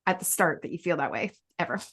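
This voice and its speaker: A woman's voice: lowish voice, expressive, quick pace, fairly bright tone, breathy edge. A woman talking candidly in a podcast conversation, rambling with fillers and restarts and laughing often mid-sentence.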